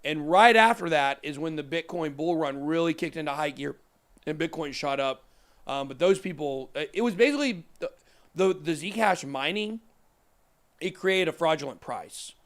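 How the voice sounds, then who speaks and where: A man's voice: on the high side, moderate pace, fairly bright tone. A man in his thirties hosting a casual crypto show, rambling through price charts with joking, self-deprecating asides. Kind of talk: casual chat over live price charts.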